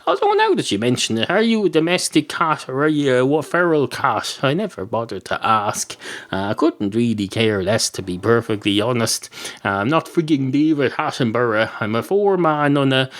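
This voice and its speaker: A man's voice: mid-range voice, sing-song, normal speed, a bit bright. A man doing a rambling lazy foreman. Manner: chatty, digressive, casual. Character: rambling lazy male building-site foreman.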